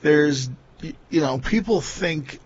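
A man's voice: on the high side, animated, takes it slowly, slightly rough, muffled recording. A man with a Long Island New York accent, hosting a casual chat and rambling with lots of fillers. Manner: rambling, many fillers like "you know" and "like".

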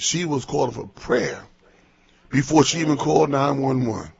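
A pastor hosts a morning radio broadcast with a gravelly, slightly husky voice. He talks in a folksy, casual way, repeating himself as he tells stories. The sound is muffled and lo-fi. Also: mid-range voice, moderate pace. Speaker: pastor and radio show host.

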